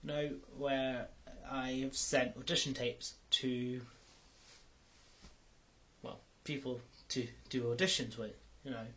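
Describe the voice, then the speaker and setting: A young man talks casually to his viewers in a rambling vlog style. He stops to fix his own words and drops the odd swear word. His pitch sits right in the middle for a man. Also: steady tone, slow pace, sharp tone. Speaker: YouTuber.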